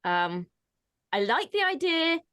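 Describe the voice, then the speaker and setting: A woman's voice: sits high, big pitch swings, slow, a bit bright, no echo, clean studio sound. A woman co-hosting a casual fan discussion, often laughing mid-sentence as she talks through news. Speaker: co-host. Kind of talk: casual chat.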